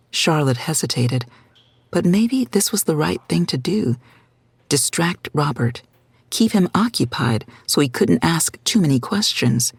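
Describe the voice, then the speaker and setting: A woman reading a scripted story as narrator, in a steady, measured way, close to the microphone. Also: sits low, gravelly, husky, no room sound. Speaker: audiobook narrator.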